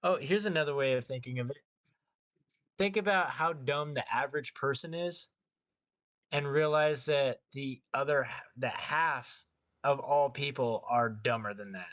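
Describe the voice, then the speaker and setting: A man's voice: mid-range voice, unhurried, a bit bright. A man in a casual podcast chat, ranting bluntly and crudely. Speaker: podcast co-host.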